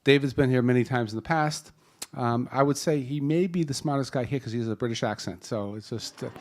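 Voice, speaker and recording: A man's voice: medium pitch, fairly quick, hardly any pauses, darkish tone. A man with a Boston accent moderating a live panel, joking and rambling through introductions with many restarts, speaking into a handheld mic in a conference hall.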